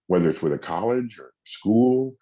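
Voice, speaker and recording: This recorded masterclass features a middle-aged man with a very low, deep, warm voice, teaching mental fitness expressively at a normal speed. He's earnest, and he acts out example lines with shifting tones to show how the same words can carry different meanings.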